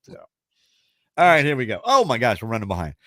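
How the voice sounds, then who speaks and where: A man's voice: medium pitch, huge pitch swings, fast talker, a bit bright, no room sound, clean studio sound. A man hosting a radio show, chatting casually and rambling, then reading out a trivia question. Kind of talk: casual chat and trivia quiz.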